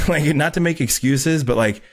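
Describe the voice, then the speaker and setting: A man guest on a podcast, telling a story casually, swearing a lot and acting out quotes loudly. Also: fairly high pitch, unhurried. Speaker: podcast guest, pro bodybuilder.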